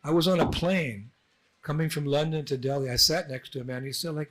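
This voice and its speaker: A man's voice: fairly high pitch, moderate pace, fairly bright tone. A man, a monk, giving an informal temple address, telling anecdotes and acting out the dialogue. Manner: storytelling, acts out dialogue with laughs. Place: temple hall.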